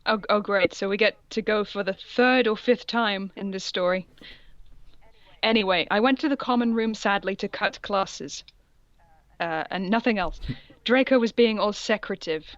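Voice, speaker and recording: A woman's voice: mid-range voice, normal speed, no echo, lo-fi sound. A woman co-hosting a podcast, reading fan fiction aloud and stumbling over its odd words with comic disbelief. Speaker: podcast co-host.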